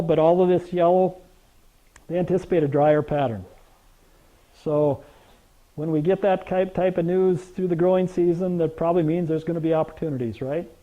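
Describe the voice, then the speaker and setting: An older man giving a presentation to a live audience, telling folksy stories, joking with the crowd and tossing out rhetorical questions. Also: high-pitched. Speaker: grain marketing presenter. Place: meeting room with an audience. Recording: dull lo-fi recording.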